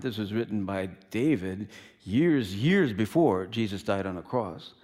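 A male pastor preaching a sermon in a dramatic, emphatic way that swings between loud and quiet. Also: fairly low pitch, measured pace.

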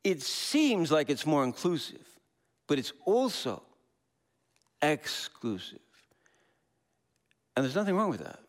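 A man's voice: on the high side, a little slow, pauses often. A man, a Christian pastor, preaching a sermon. He tells a story and lifts his voice when he quotes others. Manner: animated, slips into quoted voices.

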